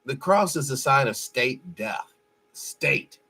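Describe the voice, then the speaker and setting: A man's voice: medium pitch, lively intonation, slow, pushed and bright, husky. A man hosting a show, giving blunt, profane and mocking commentary over a played clip. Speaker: host.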